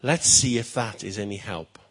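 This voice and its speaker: A man doing a calm, kindly king. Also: lowish voice, normal speed, husky. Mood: commanding. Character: kind, commanding king, calm.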